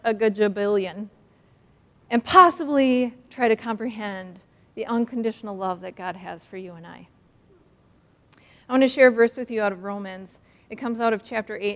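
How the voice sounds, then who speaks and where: A woman's voice: mid-range voice, fairly bright tone, long reverb tail. A woman preaching a sermon, earnest and emphatic, acting out a story as she teaches. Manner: earnest and emphatic, acts out stories.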